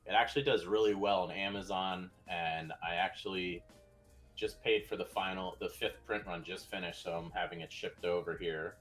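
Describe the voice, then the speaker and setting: A man's voice: deep voice, steady tone, moderate pace, a bit bright, faint music behind. A man who develops games, chatting casually in a laid-back, rambling, joking way. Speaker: game developer guest. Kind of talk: casual chat.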